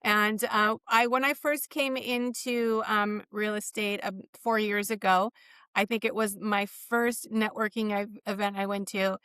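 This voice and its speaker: A woman's voice: mid-range voice, fairly even intonation, a little slow, fairly bright tone, clear, resonant tone, no room sound. A woman co-hosting a real estate podcast, giggly and effusive, her voice a little strained. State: losing her voice. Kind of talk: casual podcast chat.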